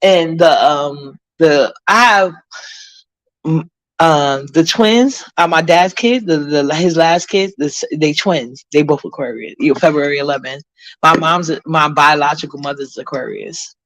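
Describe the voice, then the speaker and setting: In a low-pitched voice at a measured pace, a woman from Harlem, New York vlogs casually and responds to viewer comments, with no room sound on the recording. Her talk is blunt, profane and rambling, packed with fillers.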